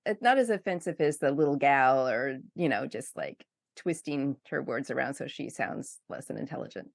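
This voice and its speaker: Low-voiced woman host, dry sound. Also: animated, normal speed, creaky, no room sound. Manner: conversational, eager, thinking aloud. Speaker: podcast host. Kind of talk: podcast interview.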